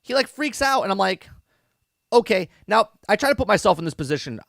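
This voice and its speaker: Podcast host, male, lively rambling review, keeps asking "okay? right?", dry close sound. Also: high voice, quick pace, vocal fry, no echo. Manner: sarcastic asides. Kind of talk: casual review commentary.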